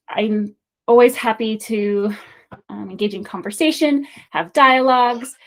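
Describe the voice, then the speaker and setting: A woman giving a recorded lesson on sport psychology, explaining ideas in a friendly, reflective way with small pauses. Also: a little high.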